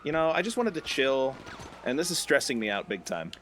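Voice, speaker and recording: A young man streaming a game, chatting casually and telling animated stories, laughing often. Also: mid-range voice, brisk, a little hiss or hum. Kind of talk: casual chat while gaming.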